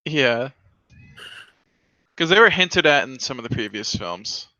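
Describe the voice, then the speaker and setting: A man chats through a movie with a friend, opinionated and full of ums and likes. His voice is bright and forward, and it sits close and dry in a small room. The home mic makes it sound dull and lo-fi. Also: mid-range voice, sing-song, measured pace, dry recording. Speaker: host. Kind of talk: casual movie-watch commentary.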